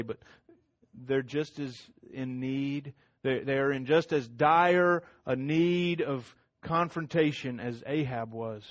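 Man, middle-aged pastor, sermon, fairly high voice, emphatic repetition, dry close sound. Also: dry recording, lo-fi sound. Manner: dramatic swings from loud to hushed, emphatic repetition.

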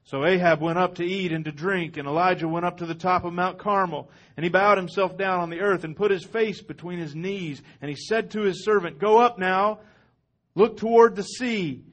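High-voiced man reading scripture dramatically. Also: moderate pace. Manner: expressive dramatic reading, rising loud on quotes. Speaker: pastor.

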